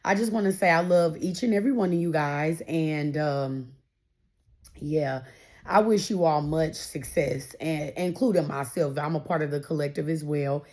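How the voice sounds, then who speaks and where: Lady doing a tarot reading for her viewers, lowish voice, upbeat and encouraging, says things twice. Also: moderate pace, a little mellow. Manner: encouraging, repeats phrases for emphasis. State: getting emotional. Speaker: tarot reader. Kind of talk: casual tarot reading to camera.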